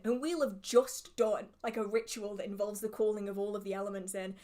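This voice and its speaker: A woman hosts a casual witchcraft livestream Q&A, chatty and self-deprecating, laughing at her own slips while she has the hiccups. Her voice is medium-pitched and darkish, with fairly even intonation and a slightly quick pace.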